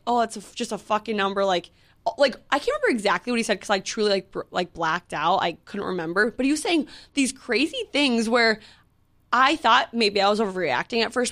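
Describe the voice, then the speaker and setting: A woman's voice: mid-range voice, a bit bright. A young woman in her twenties co-hosting a podcast, telling a story in casual chat with lots of fillers and quoted back-and-forth. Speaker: podcast co-host.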